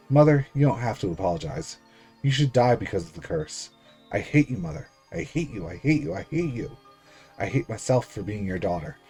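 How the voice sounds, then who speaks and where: A man's voice: mid-range voice, mellow, breathy edge. A man voicing a guilt-ridden teenage girl sliding into paranoid delusion, reading a visual novel aloud, repeating himself obsessively. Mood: frantic. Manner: obsessive repeating, frantic pleading.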